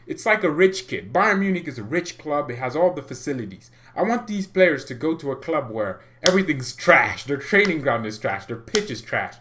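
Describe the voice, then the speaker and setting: A man hosting a football fan livestream, talking in a rambling, excitable way with lots of restarts. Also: on the high side, moderate pace, hardly any pauses, a little hiss or hum. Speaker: fan channel host.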